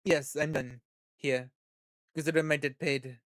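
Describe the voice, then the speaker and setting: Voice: medium pitch, fairly even intonation, no room sound, lightly acted. A streamer putting on a suave European investor. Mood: smooth formal. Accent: put-on French. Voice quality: smooth, measured, formal. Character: suave, mysterious European male investor, cold and businesslike.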